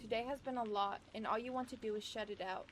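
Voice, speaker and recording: A woman hosting a visual novel let's play, reading the narration aloud and reacting in a chatty, expressive way. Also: fairly high pitch, fast, noisy background. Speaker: gaming channel host.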